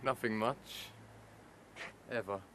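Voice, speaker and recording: Man as an aloof, riddling wanderer in a fan film; low voice, light street noise. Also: steady tone, slow pace, fairly bright tone. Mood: cryptic. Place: outdoors in a city street.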